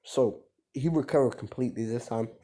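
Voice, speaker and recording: A man's voice: medium pitch, a little fast, warm tone. Man rambling through a made-up fan story. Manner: rambling, self-correcting, slangy. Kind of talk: improvised fan-fiction storytelling.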